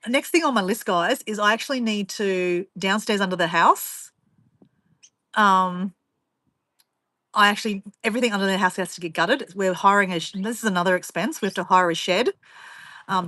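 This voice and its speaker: A woman's voice: mid-range voice, normal speed, bright, forceful tone, no echo. An Australian woman vlogging in casual chat, rambling and teasing as she reads viewer comments, laughing often.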